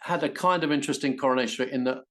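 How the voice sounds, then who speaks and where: An older English actor telling stories in an interview, animated and full of restarts. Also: male voice, medium pitch, racing. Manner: animated storytelling with many restarts. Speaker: actor guest. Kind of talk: anecdotal interview.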